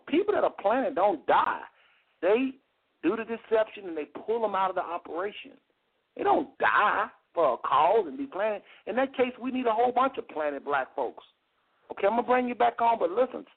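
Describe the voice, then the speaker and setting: A man's voice: sits high, creaky. A man hosting a heated call-in radio debate, cutting in and repeating his questions insistently. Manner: insistent, repeats himself to interrupt. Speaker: radio show host. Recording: tinny phone-line radio audio.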